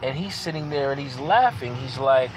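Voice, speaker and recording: A man's voice: mid-range voice, moderate pace, noisy background. Earnest man telling his testimony. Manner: earnest, repeats phrases for emphasis. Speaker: parent sharing a personal testimony. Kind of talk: casual personal testimony.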